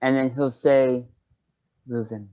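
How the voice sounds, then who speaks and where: A man's voice: medium pitch, a little slow, darkish tone, no room sound, highs cut off. A man playing an online tabletop game, describing his character's actions. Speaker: player. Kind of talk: casual tabletop game chat.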